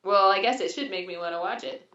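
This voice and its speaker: A woman's voice: medium pitch, fast talker, sharp tone, distant mic. A woman in her thirties chatting casually on a video call from her new house, rambling and laughing often. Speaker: podcast co-host. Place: new house, showing the yard. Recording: muffled, roomy, from off the mic.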